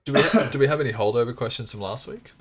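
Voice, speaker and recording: A man co-hosting a casual gaming podcast, calmly explaining game stats with dry little asides. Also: mid-range voice, very fast, husky. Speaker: podcast co-host. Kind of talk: casual chat.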